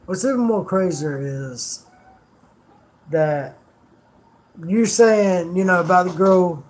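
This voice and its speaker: Slow-talking high-voiced man chatting. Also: darkish tone. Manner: rambling storyteller, swears freely. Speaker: streamer. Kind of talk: casual chat.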